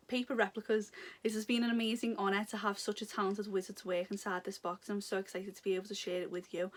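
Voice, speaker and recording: A young woman chatting casually through an unboxing, giggly and gushing, rambling off topic. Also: mid-range voice. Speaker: vlogger unboxing a subscription box. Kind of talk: casual chat.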